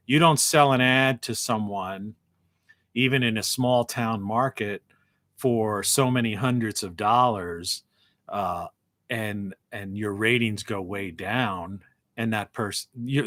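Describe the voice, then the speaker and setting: A man hosting a live talk show in a rambling monologue, with frequent restarts and a morning voice, clearing his throat now and then. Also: lowish voice, slow, fairly bright tone, no echo. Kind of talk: solo live-stream monologue.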